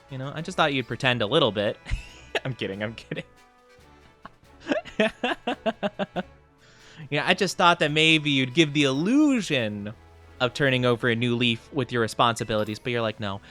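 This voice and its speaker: Giggly, lively male streamer. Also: medium pitch. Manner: giggly, chatty, reads chat aloud. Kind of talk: casual live-stream chat.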